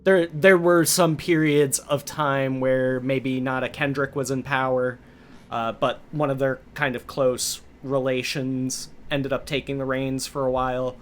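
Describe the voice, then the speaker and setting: A man's voice: mid-range voice, level tone, unhurried. A man running a tabletop game on a live stream, explaining lore in a loose way with many fillers. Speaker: game master.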